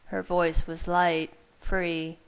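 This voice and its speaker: Soft-spoken woman reading a romance story. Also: lowish voice, little pitch movement, very slow, vocal fry, smooth, rough recording. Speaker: fan fiction reader. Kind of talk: audiobook-style story narration.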